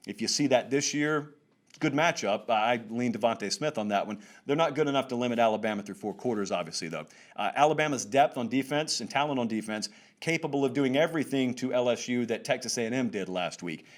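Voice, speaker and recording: A male sports talk host speaking in a mid-pitched voice with a lively, swooping delivery. He is wry and sarcastic, and his lines rise with emphasis as he builds a point. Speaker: show host. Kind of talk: animated sports talk commentary.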